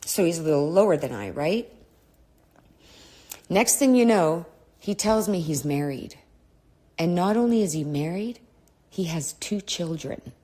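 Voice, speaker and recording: A middle-aged woman hosts a podcast and tells a personal story bluntly and candidly, swearing a lot, wandering off topic, and repeatedly clearing her throat. Her voice sits on the low side with a dark tone, and she speaks expressively and unhurriedly, with long pauses.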